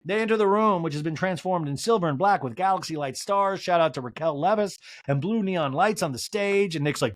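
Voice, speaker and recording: A woman hosting a podcast, recapping a TV episode in rapid, chatty comedic talk full of fillers. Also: low voice, expressive, dry recording, clean studio sound. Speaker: podcast host.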